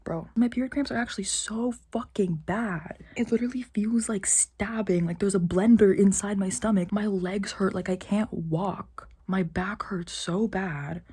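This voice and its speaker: A woman's voice: mid-range voice, unhurried, hardly any pauses, warm tone, husky. A young woman vlogging about her own life, frank and tired, swearing often and at times dropping to a whisper. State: tired and in pain. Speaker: art vlogger. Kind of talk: personal vlog rant.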